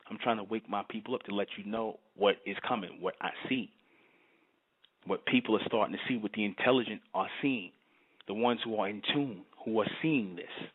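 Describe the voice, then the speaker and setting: Man, lowish voice, emphatic preachy monologue, repeats himself, tinny phone-line sound. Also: fairly quick, slightly rough. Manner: emphatic, repetitive, keeps asking "you understand?". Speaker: channel host.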